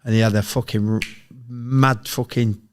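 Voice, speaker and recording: A middle-aged man from England, a former footballer and podcast guest, telling sweary, animated anecdotes in casual chat. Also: mid-range voice, moderate pace, slight background noise. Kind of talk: casual storytelling.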